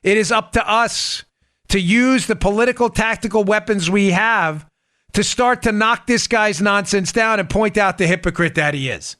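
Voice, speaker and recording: Male podcast host, sharp bright tone, mocking monologue. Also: sits high, no echo, studio quality. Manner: animated, mocking quoted voices, quick asides. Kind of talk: political talk show monologue.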